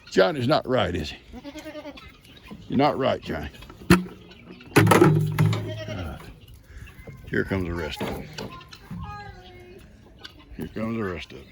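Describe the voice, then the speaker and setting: Older man, gravelly, lively pitch, chatty farm vlog, outdoors, noisy phone recording. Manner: chatty, talks sweetly to his animals. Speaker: farm vlogger. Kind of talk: casual farm vlog narration.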